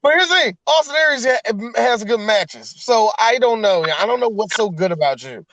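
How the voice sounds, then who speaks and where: A man's voice: extremely high pitch, animated, normal speed, fairly bright tone, no room sound. A man co-hosting a podcast in casual, profane banter, laughing often. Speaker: podcast co-host. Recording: dull, lo-fi dry audio.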